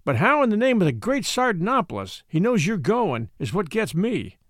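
A man's voice: high-pitched, sing-song, moderate pace, no room sound, pitched above the performer's own voice. A man voicing a dry, wry middle-aged dog musher who needles his companion innocently.

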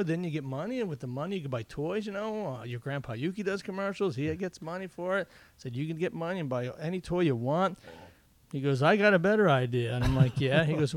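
Animated storytelling man. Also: a little high, dry recording. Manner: animated storyteller acting out his kids' lines. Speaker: guest comedian. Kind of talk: casual podcast chat, telling stories.

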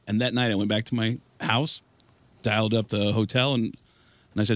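A man in his forties, a stand-up comedian, telling an animated story as a guest on a radio show. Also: lowish voice, dry recording. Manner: animated storyteller, quick asides. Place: radio studio.

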